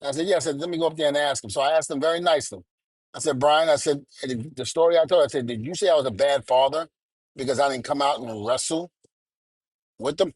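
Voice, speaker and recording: A man's voice: a little high, brisk, a little mellow, slightly rough, no echo. Angry man ranting in a story. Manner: angry, blunt, curses, quotes people. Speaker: podcast co-host. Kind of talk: heated storytelling rant.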